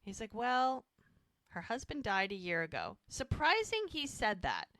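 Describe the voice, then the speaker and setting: This podcast co-host, a woman of medium pitch, talks at an even pace in studio-quality audio with no room sound. Chatting casually about a TV episode, she gives an animated recap and performs the characters' lines along the way.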